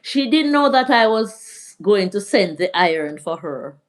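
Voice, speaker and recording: Telling a family story and answering her viewers' comments, the Jamaican host is middle-aged and speaks a little slowly. Her mid-range voice has a sing-song quality, and the live stream has a relaxed, chatty feel.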